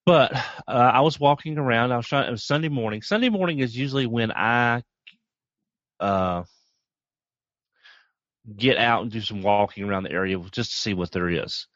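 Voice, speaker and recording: A man's voice: medium pitch, animated, normal speed, pauses often, fairly bright tone, no echo. Man, hesitant, filler-heavy, dry, dull lo-fi sound. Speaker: podcast panelist. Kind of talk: casual anecdote chat.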